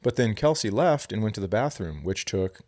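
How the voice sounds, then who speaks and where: Middle-aged guy from minnesota telling funny stories on a podcast, animated, does little voices. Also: on the low side. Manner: animated, does quick impressions of people in stories. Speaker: podcast co-host. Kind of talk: casual comedic storytelling.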